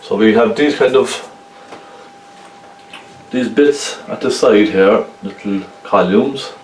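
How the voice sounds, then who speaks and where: A man's voice: fairly low pitch, slow pace, reverberant, recorded from a distance, slight background noise, low-quality recording. A man with a Cork Irish accent giving a chatty painting lesson, often checking in with the viewer. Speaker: painting instructor. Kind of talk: casual painting tutorial.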